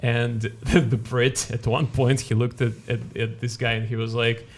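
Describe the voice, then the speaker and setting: A man with a Russian accent, a podcast guest chatting casually, often pausing and restarting as he goes. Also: medium pitch, little pitch movement. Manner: hesitant, many fillers and restarts, laughs while telling. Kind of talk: casual chat.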